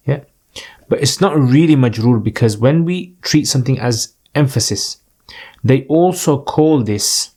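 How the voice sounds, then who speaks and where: A man's voice: mid-range voice, a little mellow. Patient man teaching Arabic grammar. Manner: patient, checks in with "right?" often. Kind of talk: explanatory lesson with recitation.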